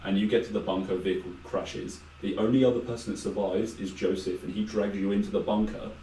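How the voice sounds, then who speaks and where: A low-pitched man chats loosely through a game's plot, piling on fillers and quoting characters along the way. He sits back from the mic in an echoey room with a faint hiss behind him. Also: steady tone, fast, dark tone, distant mic. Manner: rambling, filler-heavy retelling with quoted asides. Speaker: podcast co-host. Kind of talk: casual chat, game recap.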